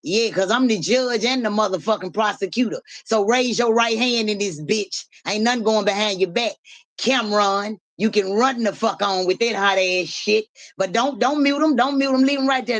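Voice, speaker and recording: A woman's voice: on the high side, fairly bright tone. A woman hosting a live stream in casual talk, repeating rhythmic, profane hype chants to her viewers.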